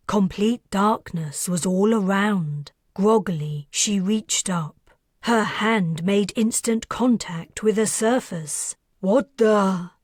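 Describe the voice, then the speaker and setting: A woman narrating her own science fiction audiobook, reading tensely, building to near-shouts in the panicked passages and dropping to hushed whispers in the quiet ones. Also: mid-range voice, dry recording, clean studio sound.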